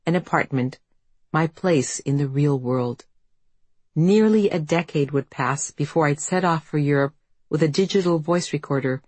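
A woman author reading her own book in a measured, reflective storytelling manner. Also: sits low, a little mellow, dry recording. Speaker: author and narrator. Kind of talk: audiobook narration.

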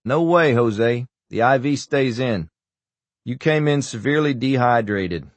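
A man's voice: medium pitch, animated, unhurried, dry recording, lightly acted. A man voicing a wisecracking male doctor who puts on a bad Scottish accent, in an audiobook. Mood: teasing. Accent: fake Scottish. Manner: teasing, wisecracking. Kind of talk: audiobook character voice.

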